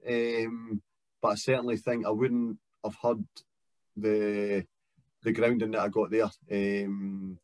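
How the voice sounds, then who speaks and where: Scottish guy in his 30s chatting, slow and thoughtful, lots of ums, dry close sound. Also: fairly low pitch, level tone, a little mellow, dry recording. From Scotland. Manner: reflective, slow and careful with many fillers. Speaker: guest footballer. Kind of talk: casual chat.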